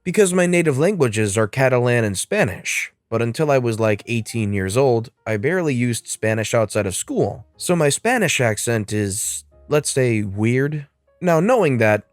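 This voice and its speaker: Guy reading reddit stories to his viewers, dry close sound, soft music under. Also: mid-range voice, no echo. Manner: reads stories aloud and addresses viewers. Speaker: Reddit story narrator. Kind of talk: scripted story narration.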